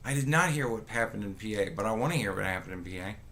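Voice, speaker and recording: A man's voice: on the low side, lively intonation, fast, fairly bright tone. A man hosting a casual live stream, rambling and swearing, greeting viewers by name and poking fun at people with mocking impressions. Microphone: webcam setup with mic.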